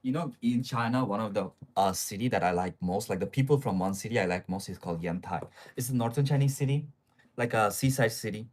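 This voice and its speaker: Chatty low-voiced male streamer. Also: a little mellow. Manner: chatty, talks straight to viewers with many fillers. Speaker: live streamer. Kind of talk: casual live-stream chat.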